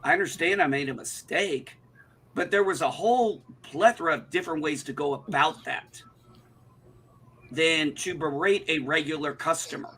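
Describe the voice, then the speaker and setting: A man's voice: a little high, normal speed, pushed and bright, slightly rough. A man, telling an indignant, profane story in casual chat on a livestream. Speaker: livestream co-host.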